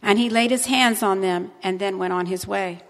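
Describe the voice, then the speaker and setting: A woman giving a children's sermon, talking gently and coaxingly to small children. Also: mid-range voice, moderate pace, in a large hall.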